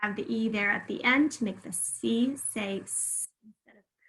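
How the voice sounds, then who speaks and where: A woman's voice: on the high side, normal speed, a bit bright, low-quality recording. A woman teaching a spelling lesson, patiently sounding words out syllable by syllable and encouraging the listener.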